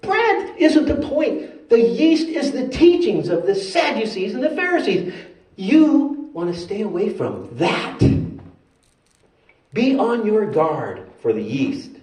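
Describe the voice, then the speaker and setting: A male preacher voicing an amused, patient teacher who gently teases his listeners in an exasperated, emphatic way, in a church sanctuary. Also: high voice, sing-song, slow pace, pitched above the performer's own voice, heavily acted. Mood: earnest. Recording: roomy hall from far off.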